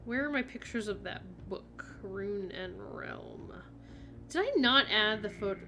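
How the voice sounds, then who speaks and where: While streaming a video game, a young woman chats casually and rambles, full of filler words and giggles. Her medium-pitched voice is expressive and unhurried.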